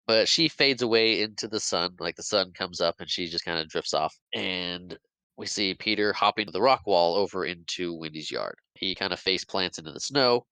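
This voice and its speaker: A podcast co-host recapping a film in a chatty, animated way. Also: male voice, low-pitched, normal speed, smooth, dry recording, rough recording. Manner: chatty, animated retelling with acted quotes.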